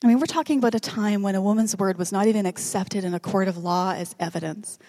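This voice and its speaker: Joking woman preacher, hushed dramatic drops. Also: mid-range voice, fast talker. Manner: conversational and joking, drops to a whisper for dramatic moments. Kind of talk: sermon.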